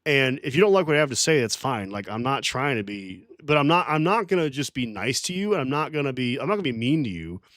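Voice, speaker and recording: A man's voice: medium pitch, very animated, fast talker, few pauses, fairly bright tone, dry recording. Defensive rambling male livestreamer, dry sound. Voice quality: rambling, defensive, swears often. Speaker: livestream host. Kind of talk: casual livestream chat.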